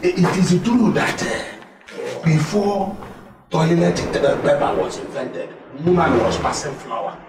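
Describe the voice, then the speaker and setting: An actor with a Nigerian accent playing a fussy, excitable village father who scolds and pleads comically. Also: on the high side, slow, over music. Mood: pleading. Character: fussy older male village elder, the father. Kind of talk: comedic film acting.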